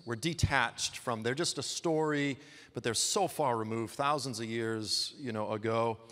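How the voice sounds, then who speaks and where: A man's voice: fairly bright tone, long reverb tail. A man preaching a sermon in a church, retelling a Bible story in a casual, conversational way and acting out the quotes. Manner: conversational, acts out quotes with shifts in pitch and pace. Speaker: guest preacher.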